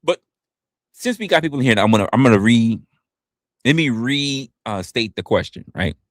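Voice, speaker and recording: A man's voice: moderate pace, no room sound, clean studio sound. A man hosting a casual livestream, talking loosely and profanely and often stumbling and restarting his words. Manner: animated, swinging pitch up and down. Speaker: livestream host.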